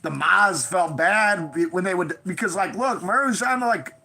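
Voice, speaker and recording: A woman telling a story in a casual vlog, swearing freely and jumping high in pitch for quoted voices. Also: normal speed, slightly rough. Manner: profane, animated, swings pitch for quoted voices.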